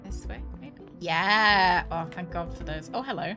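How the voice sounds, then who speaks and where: A woman's voice: lowish voice, a little slow, hardly any pauses, sharp tone, soft background music. A young adult woman streaming a game, chatting casually and giggling as she reacts and reads along. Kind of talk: casual gameplay commentary, reading game dialogue aloud.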